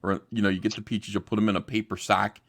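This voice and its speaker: Blunt, profane man with a low voice. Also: little pitch movement, quick pace, fairly bright tone. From New Jersey. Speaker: guest panelist. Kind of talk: casual panel chat.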